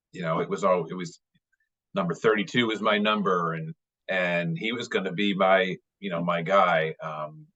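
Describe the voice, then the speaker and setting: A man's voice: sits low, fairly bright tone. A man in his late forties, a guest baseball writer, talking casually in an interview, chatty and rambling with many fillers and restarts. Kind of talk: casual interview over video call. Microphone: video call. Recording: dull lo-fi video call audio.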